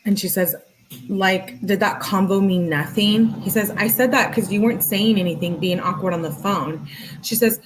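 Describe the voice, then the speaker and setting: A woman hosting a true-crime channel, reading text messages aloud in an even way and adding casual, exasperated asides. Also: medium pitch, moderate pace, background noise.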